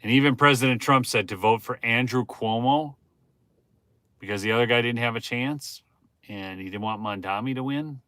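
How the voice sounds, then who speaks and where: A man hosting a rambling political livestream at a middling pitch. He chats straight to his viewers and swings between grumbling asides and loud, exasperated exclamations. His voice is dry and close, with no room around it. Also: normal speed, no room sound. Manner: chatty, talks straight to viewers, asks the chat questions. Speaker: livestream host.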